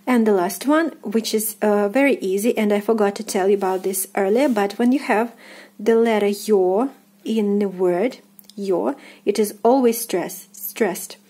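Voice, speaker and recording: A woman's voice: medium pitch, warm tone, breathy edge. Russian-accented woman teaching pronunciation. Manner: patient, repeats each word slowly several times; frequent filler pauses. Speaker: language teacher. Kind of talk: online language lesson.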